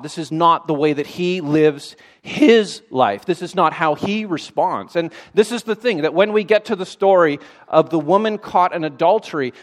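A man preaching a sermon in a conversational way, with dry sarcastic asides. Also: high voice.

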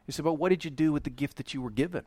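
Male pastor, sermon delivery, lively and emphatic, bright-ish pitch, dry close sound. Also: very fast, breathy edge, no echo. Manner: animated preaching, rising to loud emphatic peaks.

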